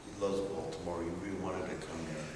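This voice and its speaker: A man with a very deep voice makes halting, soft-spoken remarks on a convention panel. He sounds far from the mic. A long hall echo and a steady background noise surround him. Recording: echoey hall, heard from far off.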